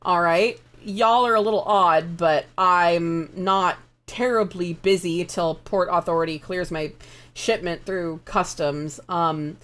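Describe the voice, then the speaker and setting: Easygoing but stern dock captain in their fifties, played by a woman, plain and relaxed. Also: lowish voice, slow pace. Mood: wary.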